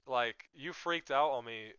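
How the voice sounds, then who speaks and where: A young man in a voice chat argument, calm and persistent, keeps asking pointed questions. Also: mid-range voice, a little slow, muffled recording, crowd noise. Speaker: player in voice chat.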